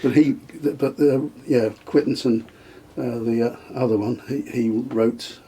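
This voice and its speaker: A man's voice: mid-range voice, steady tone, measured pace, mellow, slight background noise. An older man reminiscing in a casual interview, hesitant with frequent ums and restarts, chuckling now and then. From England. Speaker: interviewee, the host's father.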